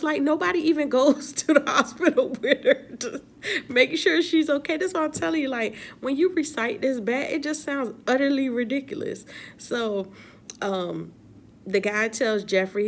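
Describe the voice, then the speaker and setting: A woman's voice: on the high side, slight background noise. A woman giving a casual, exasperated recap of a TV episode with laughing asides. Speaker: TV episode reviewer.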